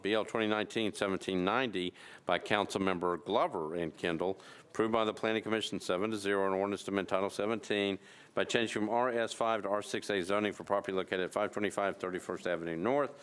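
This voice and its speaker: A man with a fairly low, clean and resonant voice chairs a council session. He reads ordinance titles and calls for ayes and nays in a brisk, practiced procedural rhythm, like routine business he has done many times. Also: fairly even intonation, a bit bright, smooth. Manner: brisk, routine parliamentary cadence. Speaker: council president chairing meeting. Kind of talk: formal procedural reading of bills. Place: council chamber.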